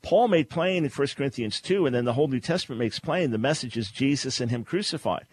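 This radio show host runs a call-in debate, pushing his arguments emphatically with lively intonation and a pitch that rises whenever he presses a point. He talks quickly, and there's no echo on his voice.

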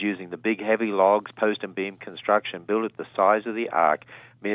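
A man's voice: lowish voice, dry recording. A man with an Australian accent, a radio show guest explaining things fluently and enthusiastically. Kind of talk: phone interview. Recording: tinny phone line.

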